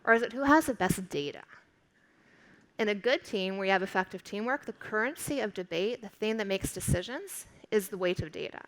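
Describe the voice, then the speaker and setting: A woman professor giving a conference keynote speech in a clear, instructive and emphatic way. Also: mid-range voice, expressive, brisk, a bit bright, poor audio. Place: large conference stage.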